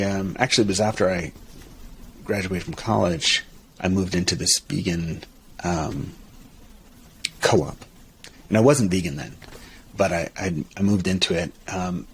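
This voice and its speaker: Man, minister, deep voice, husky, halting, thoughtful interview talk. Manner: halting, many restarts and fillers, thoughtful. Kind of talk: reflective conversational interview.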